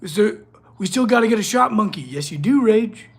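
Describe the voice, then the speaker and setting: A man's voice: sits high, expressive, brisk, breathy edge. A man hosting a casual livestream from his workshop, chatting with viewers and talking to his dog. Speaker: blacksmith livestream host.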